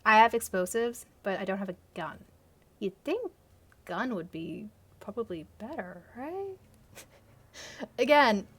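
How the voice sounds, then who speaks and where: A young woman with a somewhat high voice reads her own old story aloud. She keeps breaking off to mock it with sarcastic, self-deprecating commentary and frequent laughter. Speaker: channel host reading her teenage fan fiction aloud.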